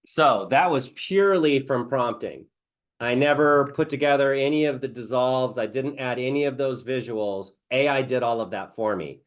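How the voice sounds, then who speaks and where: A man presenting in a webinar, explaining software step by step in a chatty way. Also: mid-range voice, normal speed. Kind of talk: casual presentation.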